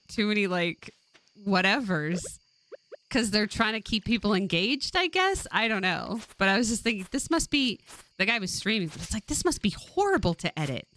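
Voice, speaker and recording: A woman in her forties from California, chatting casually and laughing often while streaming a game. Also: fairly high pitch. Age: 40s. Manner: rambling, laughs often, animated.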